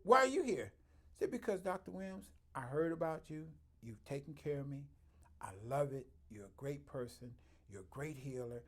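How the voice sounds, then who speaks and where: A chiropractor telling stories in an interview, acting out other people's voices and swinging from quiet to loud. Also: male voice, mid-range voice, normal speed. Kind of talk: storytelling interview.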